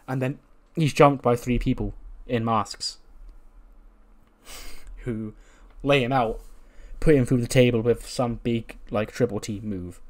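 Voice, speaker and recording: A man's voice: medium pitch, steady tone, unhurried. A man narrating his wrestling booking game in a loose, rambling way. He talks offhand and swears now and then. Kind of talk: casual play-by-play narration.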